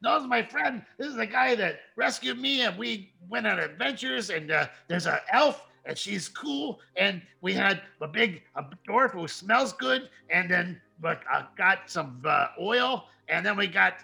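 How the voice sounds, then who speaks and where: A man's voice: high voice, measured pace, vocal fry, few pauses, husky, full character voice. A man voicing an eager talking dire wolf. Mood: excited. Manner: excitable, rambling, repeats himself.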